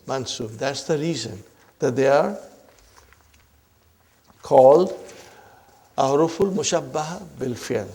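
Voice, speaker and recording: Slow-paced male Arabic grammar teacher. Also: a little high, warm tone. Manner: repeats points, checks in often with "huh?" and "are you with me"; addresses listeners as brothers and sisters. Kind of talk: classroom lecture.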